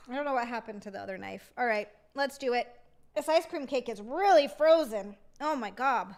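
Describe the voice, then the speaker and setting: A woman's voice: a little high, animated, moderate pace, darkish tone. A woman streamer chatting casually with her viewers while eating, often giggling. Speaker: live streamer. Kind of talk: casual live-stream chat.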